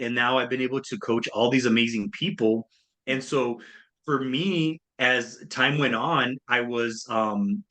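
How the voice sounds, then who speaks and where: Bright-voiced man telling his story. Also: mid-range voice. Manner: animated, acts out quoted voices. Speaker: guest, speaker and coach. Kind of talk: storytelling in a podcast interview.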